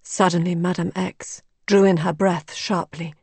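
A woman narrating a story in a measured, even way. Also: fairly low pitch, breathy edge, no room sound.

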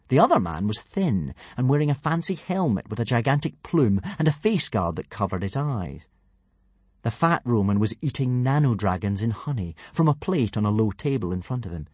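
A man narrating a children's adventure story in a playful, lively manner. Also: mid-range voice, breathy edge, no echo. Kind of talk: audiobook narration.

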